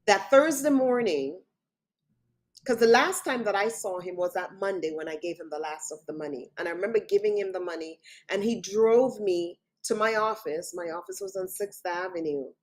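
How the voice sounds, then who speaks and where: A woman's voice: mid-range voice, animated, normal speed. A woman guest on an interview show, recounting a personal story in vivid detail and often quoting what others said. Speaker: author guest.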